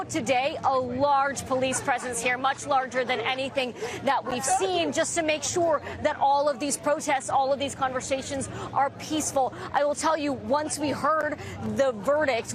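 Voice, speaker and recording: A woman with a high voice reports live from a park outside a courthouse. She talks quickly and energetically over clear crowd noise and passing traffic on the outdoor feed. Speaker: field reporter.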